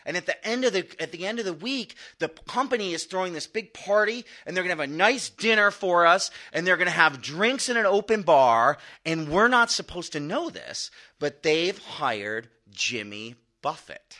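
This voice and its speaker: A man's voice: high-pitched, expressive, moderate pace, pushed and bright. A man doing stand-up comedy, telling a long story in a loose, conversational way with a bit of swearing. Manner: conversational, profane, chuckles through his own story.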